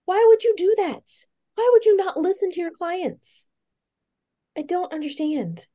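A woman's voice: very high voice, lively intonation, measured pace, dark tone. A woman co-hosting a book podcast, chatting casually and venting with emphasis. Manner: emphatic, vents frustration. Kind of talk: casual chat.

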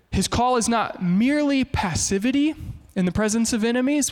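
A man in his thirties preaching a sermon as pastor, animated and mixing in humorous stories. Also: very high-pitched, moderate pace.

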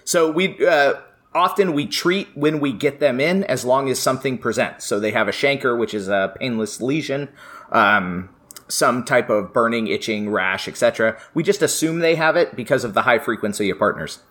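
A man's voice: medium pitch, moderate pace, fairly bright tone. Chatty male epidemiology professor. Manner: chatty storyteller, laughs often. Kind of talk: casual podcast chat.

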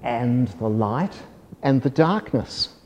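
A man reading a children's story aloud in a gentle, measured, soft-spoken way. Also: medium pitch, lively intonation, dull audio. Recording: long hall reverb.

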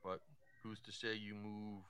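A man's voice: on the low side, level tone, a little slow, crowd noise. A man giving casual hockey analysis, thinking aloud and often repeating words as he goes. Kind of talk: casual sports talk.

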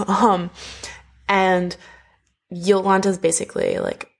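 A woman's voice: lowish voice, slow pace, long pauses. A woman casually retelling an opera plot in a chat, acting out the characters' lines as she goes, with lots of "like". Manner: animated storytelling, acts out characters' quotes, frequent "like". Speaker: podcast co-host recapping an opera.

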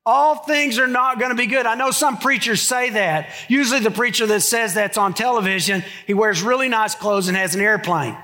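A man's voice: high-pitched, fairly quick, few pauses, bright, forceful tone. A middle-aged man preaching a sermon in a church, conversational, with joking asides to the congregation. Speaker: pastor. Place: church sanctuary.

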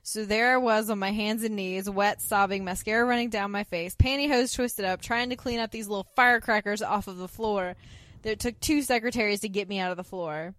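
A woman co-hosting a podcast, retelling an episode in casual chat as an animated storyteller who laughs often. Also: medium pitch, a little fast. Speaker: podcast co-host.

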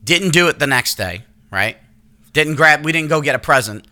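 A man in his thirties telling a story in casual chat, animated and profane, acting out what people said. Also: fairly high pitch, moderate pace. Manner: animated, profane, acts out quotes in raised voice. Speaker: podcast host.

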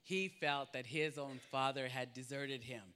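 A man's voice: medium pitch, steady tone, measured pace, bright, forceful tone, smooth. A man preaching a sermon, emphatic and repetitive, swinging his voice up and down as he acts out what people say.

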